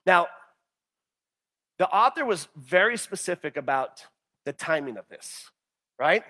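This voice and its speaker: A male pastor preaching a sermon in an animated way, often stumbling and repeating words as he acts out the people's complaints. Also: high voice, a little slow.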